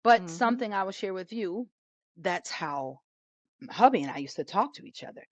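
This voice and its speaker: A woman's voice: mid-range voice, animated, moderate pace, no room sound. A woman co-hosting a podcast, telling personal stories in a boisterous, emphatic way. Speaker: podcast co-host. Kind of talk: casual podcast chat. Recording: dull, lo-fi, dry sound.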